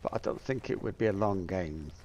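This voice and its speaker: A man's voice: sits low, fairly quick, darkish tone, a little hiss or hum. A middle-aged man from Plymouth, England, chatting casually over his gameplay and musing aloud with many fillers. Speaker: gameplay streamer.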